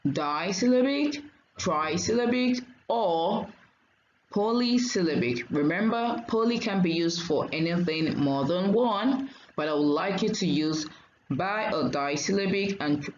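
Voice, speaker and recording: A woman teacher giving a diction lesson, saying each word slowly and clearly and repeating it for learners. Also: fairly low pitch, roomy sound, highs cut off, a little hiss or hum.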